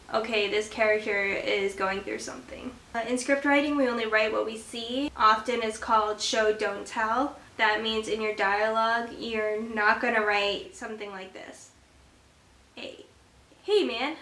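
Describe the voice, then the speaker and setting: Bright-voiced woman vlogger, echoey room. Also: on the high side. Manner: conversational, explains with examples. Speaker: vlogger and script supervisor. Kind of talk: casual explanatory vlog talk.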